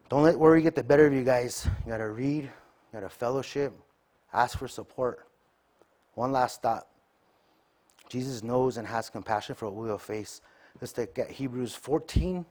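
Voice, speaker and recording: A man's voice: mid-range voice, unhurried, long pauses, a little mellow. A man preaching a sermon in a conversational way, checking in with the listeners by asking "right?" after nearly every point. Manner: acts out everyday conversations in quoted voices.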